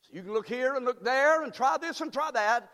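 A man's voice: very high voice, lively intonation, a little fast, bright, forceful tone. A man preaching a sermon as pastor, fervent and repetitive, drawing call-and-response from the congregation. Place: church sanctuary. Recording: long church hall reverb.

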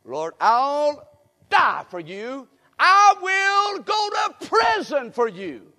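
A man voicing an impulsive, devoted male disciple who loudly insists on his loyalty. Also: huge pitch swings, extremely slow, full character voice. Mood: fervent. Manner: loud, high, insistent protesting.

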